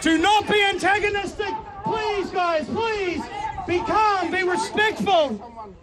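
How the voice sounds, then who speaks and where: A man pleading and shouting repetitively to a crowd at an outdoor street protest. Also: very high voice, expressive, slow. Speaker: protester being arrested. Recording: loud street crowd noise.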